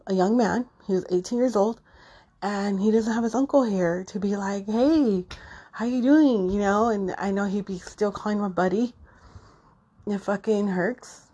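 A middle-aged woman talking unscripted and emotionally, halting with many fillers and restarts, choked up and near tears. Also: medium pitch, a little mellow, breathy edge. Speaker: podcast host. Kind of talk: unscripted personal monologue.

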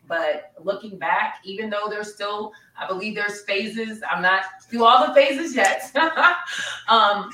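A woman's voice: mid-range voice, far from the mic. A woman hosting a podcast, speaking in an encouraging, upbeat way and reading out listener comments. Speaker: podcast host. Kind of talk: casual chat. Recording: bright echoey room, a bit off-mic.

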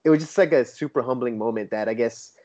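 A man chatting casually as a guest, an enthusiastic storyteller who acts out what others said in a lively, raised voice. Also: medium pitch, fast. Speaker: toy photographer guest. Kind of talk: casual chat. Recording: dull lo-fi sound.

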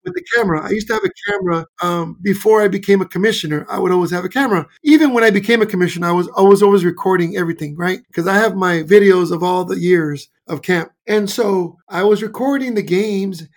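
A man's voice: high voice, fast, hardly any pauses, rough recording. A man from Mexico, a basketball coach, telling stories as a guest in a casual interview, acting out the quotes in his stories. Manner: animated storyteller, acts out quotes.

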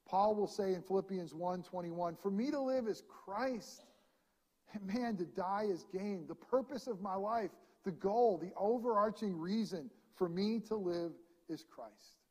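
A man preaching a sermon as pastor, reading scripture aloud and swinging between ringing proclamation and hushed, intimate passages. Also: high voice, unhurried, slightly rough. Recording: long reverb of a large hall.

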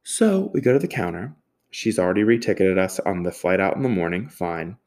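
A man's voice: on the low side, darkish tone. A young man telling a comic story in a casual, profane and sarcastic way.

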